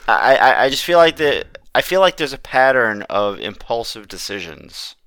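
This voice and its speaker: A man with a bright, smooth voice co-hosting a podcast, easygoing and rambling as he talks. The sound is dry, with no room echo. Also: mid-range voice, very animated, normal speed. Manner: laid-back, rambling storyteller. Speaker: podcast co-host. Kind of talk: casual podcast banter.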